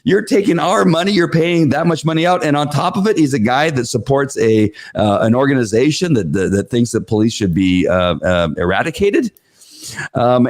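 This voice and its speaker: An animated man telling the story of a meeting in a loose, spoken way. He stumbles over fillers and restarts, then leaps up in pitch to act out shocked voices. His usual voice sits at an ordinary middle pitch for a man. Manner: animated, acts out crowd voices with sharp pitch jumps, frequent fillers. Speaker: show host recounting a school board meeting. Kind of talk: casual spoken recap.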